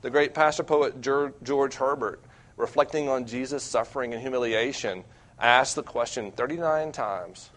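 A young man preaching as a campus minister, earnest and self-deprecating, with wide swings between loud and quiet. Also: mid-range voice, normal speed. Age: young adult. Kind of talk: sermon.

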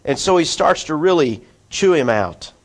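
Male preacher with a fairly high voice who reads verses and explains them in a conversational way. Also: animated, normal speed. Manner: conversational, asides to listeners, voices quoted figures. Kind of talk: expository Bible teaching.

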